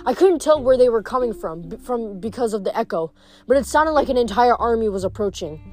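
A woman reads a novel aloud in a casual, unpolished way, sometimes tripping over words and starting them again. Her voice sits a bit high. Faint music plays quietly behind her. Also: dry recording. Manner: casual reading with frequent slips and restarts. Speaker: reader.

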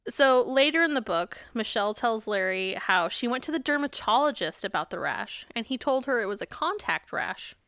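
A woman's voice: on the high side, expressive, normal speed, few pauses, a bit bright, smooth, no room sound, clean studio sound. Chatty young woman retelling a book. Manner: chatty, many fillers, laughs often. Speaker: podcast co-host. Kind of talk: casual chat retelling a book.

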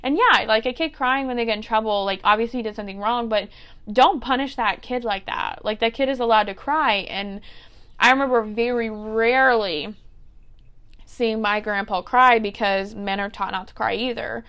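Podcast host, woman in her twenties, smooth clear voice, earnest and chatty. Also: fairly high pitch, normal speed, a bit bright. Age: 20s. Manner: earnest, advice-giving, with fillers like "like" and "okay". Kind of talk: casual solo podcast talk.

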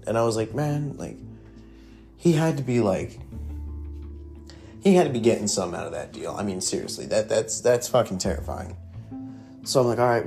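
A man's voice: on the low side, a little mellow. A young man casually telling a ghost story from his youth, rambling and swearing, with lots of fillers. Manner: profane, rambling, heavy with fillers. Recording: faint guitar music behind.

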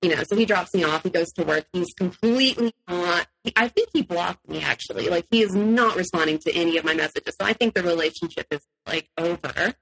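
Bright-voiced woman telling her story. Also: fairly low pitch, brisk, vocal fry, hardly any pauses, rough recording. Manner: animated, acts out quotes, laughs often. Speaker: interview guest. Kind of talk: personal storytelling in an interview.

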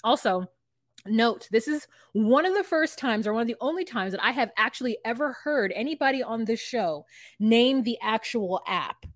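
On a clean, echo-free studio recording, this podcast co-host speaks a little high and animated at normal speed. Her casual recap chat rambles, leans heavily on "like," and stays frank, with occasional profanity.

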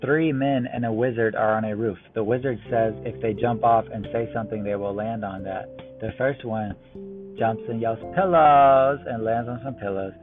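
A man reading a run of one-liner jokes in a deadpan way. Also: lowish voice, normal speed. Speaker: joke teller. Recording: tinny phone-like line with music behind. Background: music.

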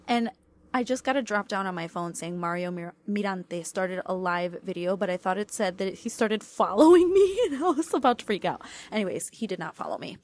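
A woman's voice: medium pitch, fairly quick. A young woman hosting a casual podcast at home, rambling on with lots of fillers and restarts into a small clip-on mic. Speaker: podcast host. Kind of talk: casual solo podcast chat. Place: at home, washer running nearby. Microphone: small clip-on mini microphone.

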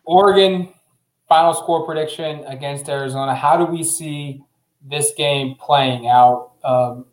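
A man hosting a casual sports podcast, talking through his predictions in a relaxed way with frequent fillers. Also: on the high side, a little slow. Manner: relaxed, uses fillers, thinks aloud. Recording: roomy echo.

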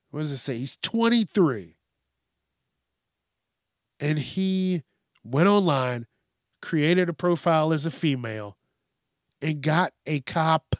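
A man's voice: a little high, dry recording, clean studio sound. A man hosting a news commentary show, ranting in a profane, mocking way about news stories. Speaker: host.

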